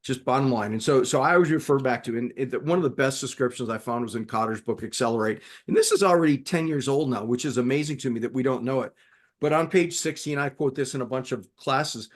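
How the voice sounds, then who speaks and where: A man co-hosting a business podcast, talking in an animated, emphatic way with many restarts. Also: mid-range voice, fast talker. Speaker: podcast co-host. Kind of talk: conversational discussion.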